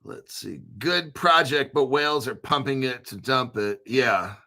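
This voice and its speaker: A man hosting a casual crypto livestream, rambling excitedly with frequent laughs and restarts. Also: mid-range voice, measured pace, gravelly.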